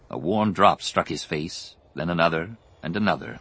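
A man narrating an audiobook with measured, dramatic storytelling. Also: sits low, very animated, a bit bright, a little hiss or hum, poor audio. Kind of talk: scripted narration. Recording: narration over a music score. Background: music.

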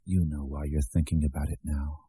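A man reading an audiobook, voicing a quiet, needling male inner voice that taunts the hero. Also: low-pitched, expressive, moderate pace, breathy edge, no room sound, pitched below the performer's own voice. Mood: taunting.

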